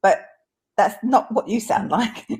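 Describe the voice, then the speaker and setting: A woman's voice: mid-range voice, takes it slowly, a little mellow, breathy edge. A woman co-hosting a live webinar, upbeat and teasing in her banter. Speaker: co-host and co-founder.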